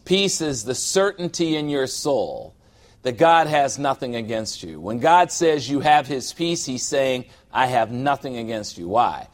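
A middle-aged man preaching a sermon as a pastor, conversational and humorous, acting out little scenes from everyday life. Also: on the high side.

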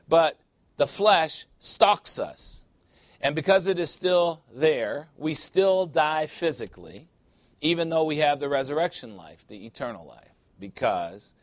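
A man's voice: medium pitch, no room sound. A man preaching a sermon in an emphatic, conversational way, with sudden playful asides.

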